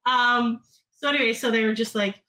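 A Canadian woman co-hosting a podcast tells a story over a low-quality recording, speaking at normal speed with a steady, sharp tone. She's chatty and filler-heavy, voicing others' lines higher.

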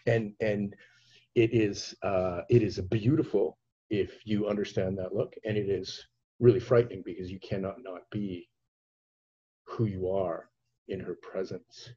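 Husky-voiced man hosting a podcast. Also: low voice, unhurried, dull audio. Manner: expressive, acts out voices in his anecdotes. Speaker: podcast host. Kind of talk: animated storytelling in conversation.

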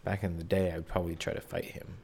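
A man's voice: low voice, little pitch movement, fast, creaky, a little mellow, slight background noise. A young man in casual chat, laid-back and rambling, poking fun at himself.

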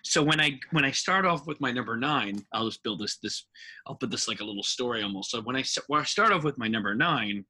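A man's voice: mid-range voice, lively intonation, fast, bright, forceful tone. A man co-hosting a podcast, chatting in a jokey, rambling way about ranking films. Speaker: podcast co-host. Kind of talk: casual film-ranking chat.

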